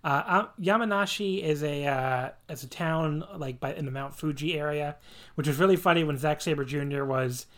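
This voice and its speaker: A man's voice: a little high, normal speed, fairly bright tone. A man hosting a podcast in casual chat, rambling and enthusiastic, laughing and swearing as he talks. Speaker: podcast host.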